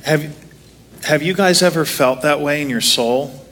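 Bright-voiced man preaching a casual sermon. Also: fairly high pitch, measured pace, slight background noise. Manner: self-deprecating, joking storyteller. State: walking with a limp, sitting to preach.

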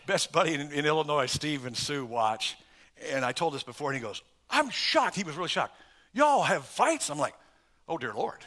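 A middle-aged man pastor preaching a sermon, swinging between loud emphatic stresses and soft asides and chuckling through lists. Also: fairly high pitch.

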